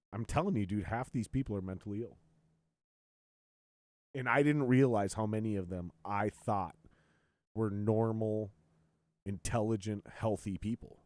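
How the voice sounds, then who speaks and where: A man hosting a podcast, telling stories in a profane, ranting way and loudly acting out what others said. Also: lowish voice, dry recording. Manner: profane, ranting storyteller, quotes others in raised voice. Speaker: podcast host. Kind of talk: casual chat.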